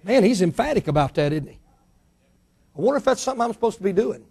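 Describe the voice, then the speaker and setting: A man with a noticeably high voice delivers a church sermon. He is middle-aged and emphatic, pressing rhetorical questions and letting his voice climb and drop for effect. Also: very animated, quick pace, gravelly, warm tone, breathy edge. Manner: emphatic preacher, rising and falling dynamically, rhetorical questions. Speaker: pastor.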